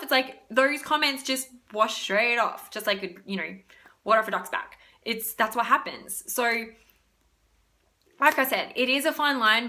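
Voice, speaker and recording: A woman's voice: fairly high pitch, sharp tone. A young woman chatting casually about self-love, rambling with lots of fillers and free swearing. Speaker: spiritual wellness vlogger. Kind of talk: casual self-help talk.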